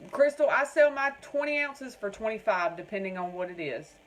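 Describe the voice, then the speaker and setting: A woman's voice: fairly high pitch, animated, moderate pace, poor audio. Chatty Southern woman on a craft livestream. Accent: Southern American. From North Carolina. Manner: chatty, folksy, talks straight to viewers. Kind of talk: casual livestream chat reading viewer comments.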